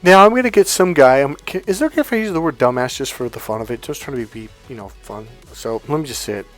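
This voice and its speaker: Male dating coach, casual and profane, acts out voices, middle-pitched, faint background music. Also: expressive, fast talker, no room sound. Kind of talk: casual monologue.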